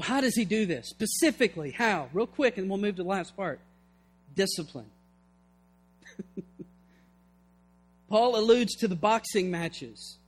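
A man preaching a sermon with fervor, reading scripture and acting out its scenes. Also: high-pitched. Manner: fervent, acts out scripture scenes.

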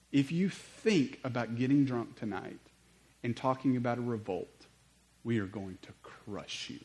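A man voicing Roman occupiers who threaten a restless crowd in a low, menacing tone. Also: darkish tone, close to an everyday voice, poor audio.

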